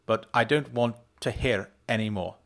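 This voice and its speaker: A man reading a story aloud, voicing an embarrassed husband who answers quietly and evasively. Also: mid-range voice, normal speed, creaky. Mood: subdued. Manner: quiet, subdued.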